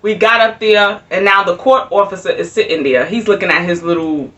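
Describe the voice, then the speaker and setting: Bright-voiced woman telling a story. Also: medium pitch, brisk, dull audio. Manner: animated, laughing, repeats herself. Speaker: vlogger. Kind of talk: casual storytime. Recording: voice a bit far from mic.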